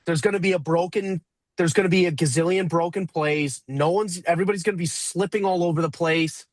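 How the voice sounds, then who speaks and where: Male co-host, high, dry, loose and rambling. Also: fairly even intonation, brisk, no room sound, poor audio. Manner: rambling, casual, profane. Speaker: podcast co-host. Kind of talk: casual sports betting chat.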